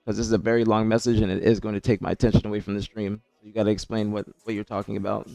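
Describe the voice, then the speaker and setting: A man's voice: lowish voice, little pitch movement, rapid-fire, gravelly, dark tone. A man streaming live, chatting casually and reading viewer messages, rambling and repeating himself as he answers chat. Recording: dry close mic with faint music behind.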